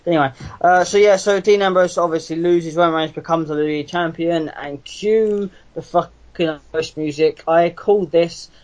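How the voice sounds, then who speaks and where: A young man with a fairly high voice talks wrestling in a loose, rambling way. He swears a lot and keeps restarting his sentences as he goes. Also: moderate pace, a little mellow, low-quality recording. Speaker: podcast co-host. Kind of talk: casual wrestling chat.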